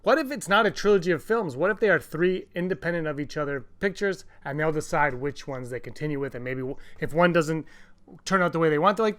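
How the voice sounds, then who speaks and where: Guy cohosting a podcast, kinda high voice, gets worked up, keeps restarting sentences. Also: fast talker. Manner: excitable, restarts often, acts out quotes in a raised voice. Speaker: podcast co-host. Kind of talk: casual podcast chat.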